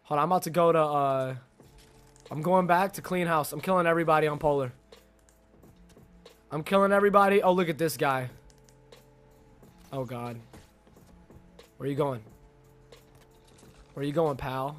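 A young man live-streaming a game, chatting excitedly with his viewers and teammate, greeting people by name in slangy talk. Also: on the high side, moderate pace, long pauses, faint music behind. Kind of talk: live gameplay commentary.

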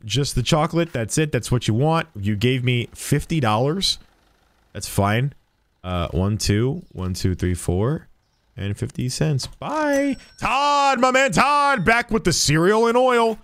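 In this dry recording, a lowish-voiced young man chats playfully while streaming a game. He acts as a shopkeeper, trading jokes with the customers, in the style of let's-play commentary.

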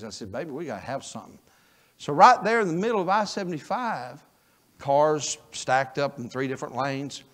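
Man, preacher, high voice, folksy sermon storytelling, hushed then shouting. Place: church sanctuary.

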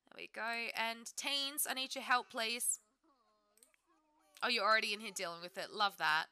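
A woman's voice: a little high, normal speed, bright, forceful tone, clear, resonant tone, no room sound. A woman giving bubbly, chatty let's-play commentary, often talking to her game characters. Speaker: gaming YouTuber.

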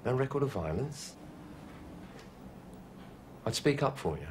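A firm, patient police officer. He coaxes and persuades in a lively, rising and falling voice. The television drama soundtrack carries clear background noise. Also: mid-range voice, a little slow. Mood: coaxing. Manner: steady, coaxing, firmly persuasive. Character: calm, firm male police officer negotiator.

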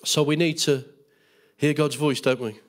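A man's voice: fairly high pitch, fairly even intonation, measured pace. A middle-aged man preaching a Bible school sermon as pastor, fervent, with tag questions and jokes.

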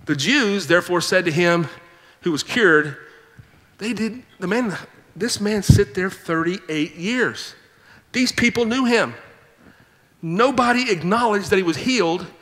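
Animated high-voiced male preacher in a hall. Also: measured pace. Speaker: pastor. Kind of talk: sermon. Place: church sanctuary.

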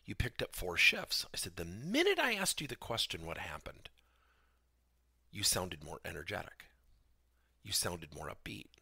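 A man's voice: sits low, vocal fry, sharp tone, husky, dry recording, clean studio sound. A middle-aged man, a business coach hosting a podcast, tells a story and acts out both sides of a conversation.

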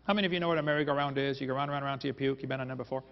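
A man's voice: medium pitch, steady tone, very fast, a little hiss or hum. A man giving a joking, folksy seminar lecture to a live audience, full of quips aimed at the crowd. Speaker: creation seminar speaker. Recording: dull, reverberant hall recording.

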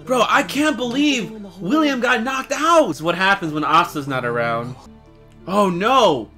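A young man reacting to an anime episode out loud, excitable and slangy, shouting and laughing at the screen. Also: high voice, a little slow, faint music behind. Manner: slangy casual talk. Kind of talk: live reaction commentary.

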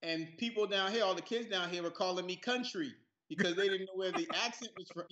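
Chill guy from new york telling stories w laughs, kinda high voice, roomy muffled call sound. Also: fairly quick, sharp tone. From New York City. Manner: laid-back, laughing storyteller. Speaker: guest actor. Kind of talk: casual interview chat.

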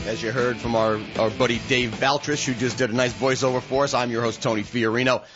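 A man's voice: medium pitch, fairly even intonation, fairly quick, highs cut off, over music. A man hosting a radio talk show from a studio, chatting casually and reading down a list of questions.

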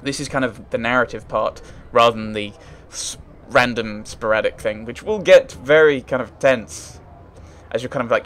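A man's voice: mid-range voice, moderate pace, fairly bright tone. A man playing a story game, reading its text aloud and thinking aloud in casual, hesitant commentary. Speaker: let's play gamer.

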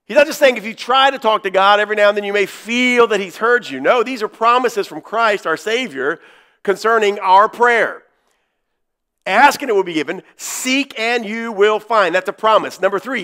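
A male pastor preaching a sermon in a church, stressing key words by slowing down and repeating them. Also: sits high, lively intonation, sharp tone.

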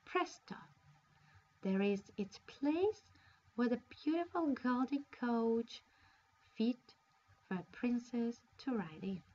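A woman, a native Russian speaker, reading a fairy tale aloud in a careful, expressive storytelling manner. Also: fairly high pitch, slow. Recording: dull lo-fi recording.

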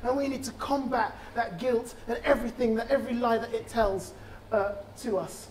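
A man, a bereaved father, giving a conference talk and reciting a spoken-word poem with rhythmic, impassioned delivery and dramatic pauses. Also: very high-pitched, steady tone, a little mellow, slight background noise.

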